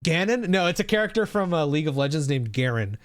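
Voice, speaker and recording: A man's voice: a little high, big pitch swings, quick pace, no echo. Rambling male streamer, dry close sound. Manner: rambling, swears freely, reads out chat. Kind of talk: casual live-stream reaction chat.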